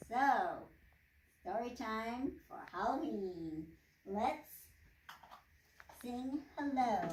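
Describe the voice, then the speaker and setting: Slow, playful woman librarian, echoey room. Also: fairly high pitch, lively intonation, recorded from a distance, a little hiss or hum. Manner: playful, chanting rhymes. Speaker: children's librarian. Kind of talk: children's storytime reading.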